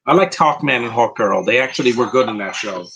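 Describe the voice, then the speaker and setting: A man giving casual live movie commentary, rambling and answering viewers' questions with quick opinions. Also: mid-range voice, expressive, a bit bright, slight background noise, low-quality recording.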